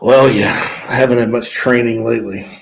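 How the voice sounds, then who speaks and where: Man, co-host, casual sports chat, animated storyteller, stammers and restarts, laptop mic, office. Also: medium pitch, brisk, a crowd in the background, rough recording.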